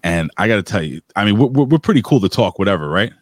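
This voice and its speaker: A man's voice: lowish voice, quick pace, no room sound, clean studio sound. A man with a New York accent, co-hosting a stream and telling rambling, profane stories in casual chat. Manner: animated storyteller, profane, rambling. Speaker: stream co-host.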